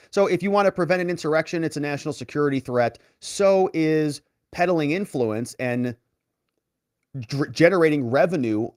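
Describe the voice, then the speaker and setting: A man's voice: mid-range voice, no room sound, studio quality. A man who works as a lawyer, reading political letters aloud and commenting on them with sarcastic, mocking asides. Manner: animated reading of quoted letters.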